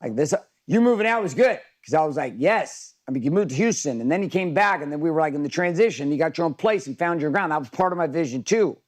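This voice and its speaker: A man's voice: a little high, expressive, fast talker, few pauses. Casual profane man coaching a workshop. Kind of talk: live virtual workshop talk.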